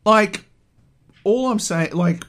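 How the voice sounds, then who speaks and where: A man's voice: high-pitched, slow pace, fairly bright tone. A man co-hosting a podcast, ranting animatedly and swearing a lot in casual chat. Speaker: podcast co-host.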